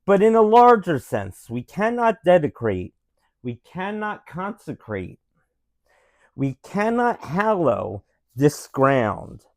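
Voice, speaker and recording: A solemn 1860s statesman , as a parent puts him on for the kids delivers a speech at a crawling, deliberate pace. The pitch still rises and falls with feeling. The sound is dry and close, like a quiet room at home. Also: big pitch swings, dry recording. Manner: slow, grave, with drawn-out pauses. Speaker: parent reading aloud to children. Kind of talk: dramatic reading of a famous speech.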